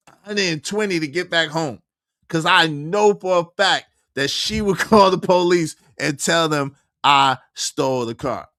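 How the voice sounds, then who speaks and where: A man casually telling a long personal story with lots of restarts and laughter. His pitch swings widely, soaring when he quotes his own outbursts. The sound is dry and close to the mic. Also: dry recording. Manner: animated, jumps high when quoting himself, laughs through.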